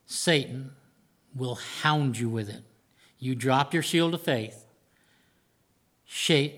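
A man's voice: mid-range voice, a bit bright. An older man preaching a sermon to a congregation in an earnest, plain-spoken way. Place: church before a congregation.

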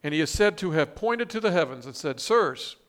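A man's voice: fairly high pitch, lively intonation, fast, fairly bright tone. A man preaching a sermon, reading scripture and quotes with emphatic, rising stress and frequent restarts. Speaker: pastor.

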